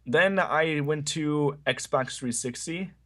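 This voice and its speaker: A man's voice: fairly high pitch, slow. Easygoing young man podcast guest. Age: young adult. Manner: relaxed, joking, self-deprecating. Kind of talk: casual podcast chat.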